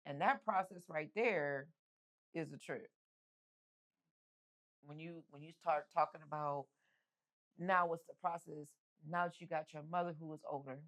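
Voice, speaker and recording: Candid woman, lowish voice, telling her story. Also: a bit bright. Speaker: interview guest. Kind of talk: emotional personal storytelling.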